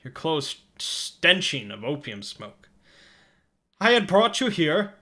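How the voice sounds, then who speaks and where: A man's voice: a little high, big pitch swings, pushed and bright, pitched above the performer's own voice, full character voice. A man putting on a stiff mock-German doctor. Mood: earnest. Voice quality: halting, put-on stiff German cadence. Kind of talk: reading game dialogue aloud.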